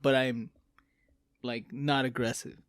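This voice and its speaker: A man's voice: mid-range voice, level tone, slow, smooth, no echo. A man co-hosting a casual podcast chat, telling stories bluntly and confidently. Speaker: podcast co-host.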